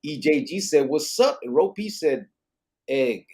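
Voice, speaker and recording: A man's voice: on the high side, lively intonation, unhurried, darkish tone, husky. A man hosting a casual live podcast, reading viewer comments aloud and dropping in Spanish slang. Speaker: podcast host.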